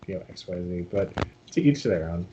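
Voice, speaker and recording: A man's voice: low voice, animated, brisk, noisy background. A man co-hosting a casual podcast, making wry, joking asides. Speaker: podcast co-host.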